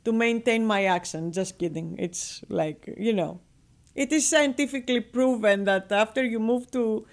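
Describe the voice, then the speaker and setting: A woman with a Greek accent, a guest on a radio interview, telling her business story in a lively, chatty way and laughing often. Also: fairly high pitch, moderate pace. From Greece. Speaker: guest, real estate broker.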